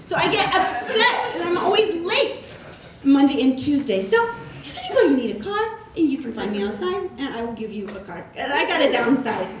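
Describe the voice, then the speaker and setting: A woman's voice: high voice, big pitch swings, normal speed, far from the mic, slight background noise. A woman performing a live stand-up character, a rambling, self-absorbed retail worker who keeps adding "okay?". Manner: rambling, repetitive, tacks on "okay?". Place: stage before a live audience. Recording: roomy live stage sound from afar with audience.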